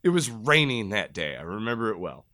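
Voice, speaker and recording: A man in his thirties from Michigan, a podcast guest telling crude, loud, profane stories in a casual chat and bursting into shouted re-enactments. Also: lowish voice, sing-song, a little fast, no room sound, clean studio sound. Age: 30s.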